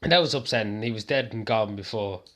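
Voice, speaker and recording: A man with an Irish accent, talking in a rambling, halting way in a casual vlog. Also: on the low side, fairly bright tone. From Ireland. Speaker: vlogger.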